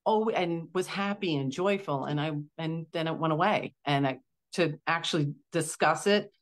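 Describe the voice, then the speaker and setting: A woman's voice: deep voice, moderate pace. A middle-aged woman giving a candid testimonial as a client guest, talking with enthusiasm and acting out the voices in her stories.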